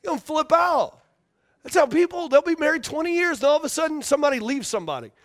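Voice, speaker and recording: A man's voice: very high-pitched, animated, fast talker, fairly bright tone. A man preaching a sermon as a pastor, emphatic and repetitive, often asking the congregation for responses.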